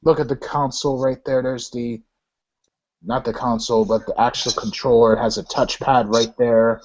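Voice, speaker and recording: A man's voice: medium pitch, flat delivery, moderate pace. A man chatting as a guest on a casual live video call, easygoing and repeating himself. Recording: muffled lo-fi webcam audio.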